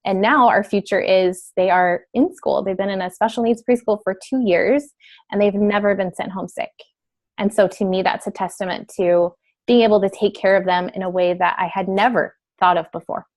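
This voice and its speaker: A woman teaching a class in a chatty, casual way, with many fillers and quick switches into acted examples. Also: medium pitch, fairly even intonation. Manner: chatty, filler-heavy, breaks into role-play quotes. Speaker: wellness sales trainer. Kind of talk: casual instructional talk.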